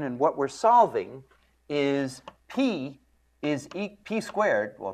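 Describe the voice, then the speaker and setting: A man giving a university physics lecture in an animated storytelling manner, clearing his throat often. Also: medium pitch. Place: lecture room.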